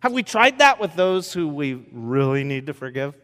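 A male pastor delivering a sermon through personal stories, swinging between loud, animated moments and hushed ones. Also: fairly high pitch, normal speed. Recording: long hall reverb.

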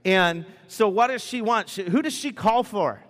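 A man's voice: high voice, moderate pace, fairly bright tone. A middle-aged man preaching a conversational sermon with humor and frequent restarts. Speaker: pastor. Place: church sanctuary. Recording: long reverb of a church hall.

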